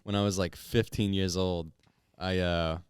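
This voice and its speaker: A man tells a story on a podcast in a smooth, fairly low voice. He gets excited and shouts when he acts out what people said. The mic sounds dry. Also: unhurried, dry recording. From Long Island, New York. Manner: excitable, jumps to shouted quotes when acting out. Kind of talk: casual storytelling chat.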